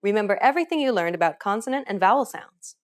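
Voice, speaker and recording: A woman's voice: mid-range voice, lively intonation, fast. A woman narrating a scripted language lesson in an upbeat, encouraging way. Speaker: language teacher.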